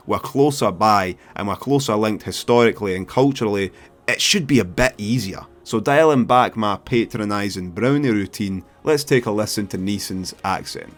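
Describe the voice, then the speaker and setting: A Scottish man hosts an opinionated film review, sardonic and full of swearing. His voice sits on the low side. Faint music plays under him. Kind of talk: opinionated video commentary.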